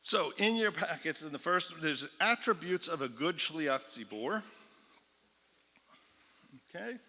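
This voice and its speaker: Man teaching a class, cantor, bright higher voice, long hall reverb, keeps checking in with listeners. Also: expressive, measured pace. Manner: explanatory, checks in often with "okay?". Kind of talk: classroom lecture.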